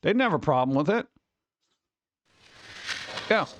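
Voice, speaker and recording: A man's voice: fairly high pitch, very animated, a little slow, a bit bright, no echo. A man streaming live, chatting casually and rambling as he reads comments from chat aloud.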